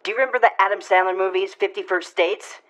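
A woman's voice: mid-range voice, quick pace, fairly bright tone, close to an everyday voice. A woman voicing a pushy, teasing female intruder in a comedic overdub of a silent film. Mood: insistent. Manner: teasing, pushy, swings to mock menace. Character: pushy amnesia-minded woman intruder, playful and clingy.

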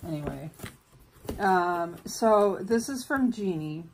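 A woman, chatting warmly through an unboxing and getting emotional, sometimes dropping to soft whispers. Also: lowish voice, expressive, slow pace, slight background noise. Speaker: vlogger opening mail. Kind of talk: casual unboxing chat.

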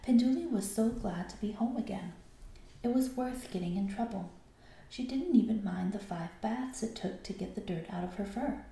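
Gravelly-voiced woman reading a story aloud. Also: mid-range voice, normal speed, echoey room. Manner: expressive storytelling. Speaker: teacher. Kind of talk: reading a picture book aloud.

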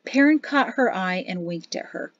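A woman reads an audiobook as narrator in steady, even scripted narration. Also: fairly low pitch, moderate pace, no room sound. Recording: slightly dull dry studio recording.

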